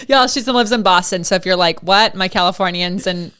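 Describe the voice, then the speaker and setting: Smooth-voiced woman podcast host, chatty. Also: mid-range voice, fairly bright tone. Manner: candid, chatty, laughs easily. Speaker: podcast host, Pilates instructor. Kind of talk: casual conversational interview.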